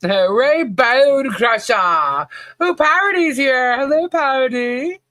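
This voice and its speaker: Speaking slowly in a high, expressive, fairly bright voice, a woman co-hosts a relaxed livestream podcast. The recording is dry, and she chats easily, laughing often and welcoming viewers by name.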